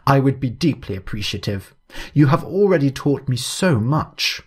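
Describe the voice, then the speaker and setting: A man voicing a cheery, fussy gentleman on holiday who talks in a chatty, formal, over-polite way in a read-aloud story. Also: mid-range voice, very animated, moderate pace, breathy edge.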